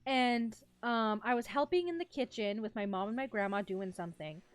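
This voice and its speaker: A young woman streamer chatting casually with her live chat, telling a story in a giggly, animated, rambling way. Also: on the high side, moderate pace, dry recording. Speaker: vtuber streamer.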